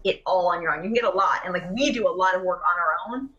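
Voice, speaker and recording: A woman's voice: on the low side, fast talker, a bit bright. Chatty woman on a lo-fi video call. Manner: chatty, many fillers and restarts. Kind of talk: casual conversation about emotional healing.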